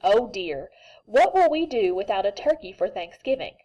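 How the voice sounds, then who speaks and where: A woman's voice: mid-range voice, very animated, normal speed, dark tone, low-quality recording. A woman voicing a farmer's wife in a storybook read-aloud, asking fussing, worried questions.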